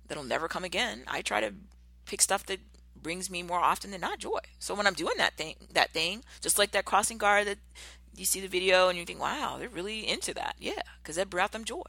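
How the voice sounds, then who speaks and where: A woman hosting a motivational podcast, talking passionately and emphatically, and slowing down to stress her key words. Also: lowish voice, lively intonation, gravelly, bright, forceful tone, no room sound. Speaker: podcast host.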